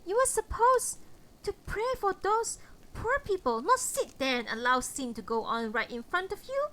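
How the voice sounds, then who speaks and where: A woman voicing a stern, pious older mother who scolds in a shrill, strident voice. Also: big pitch swings, moderate pace, fairly bright tone, full character voice, poor audio. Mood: indignant scolding.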